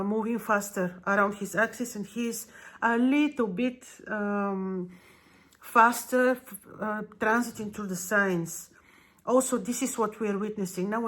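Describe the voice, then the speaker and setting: A woman's voice: medium pitch, a bit bright. Woman giving an astrology forecast. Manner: unhurried, many fillers and restarts. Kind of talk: monthly astrology overview.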